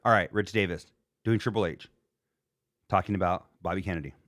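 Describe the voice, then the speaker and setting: A man's voice: deep voice, brisk, fairly bright tone, no echo, studio quality. Rambling, jokey man hosting a live stream. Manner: loose, rambling, jokey, lots of fillers. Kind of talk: casual reaction chat.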